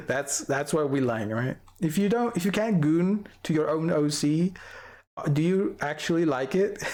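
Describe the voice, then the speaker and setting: Young adult streamer, casual live chat, giggly, rambling, slow-paced. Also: medium pitch, a little mellow. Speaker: livestreamer showing off an avatar model.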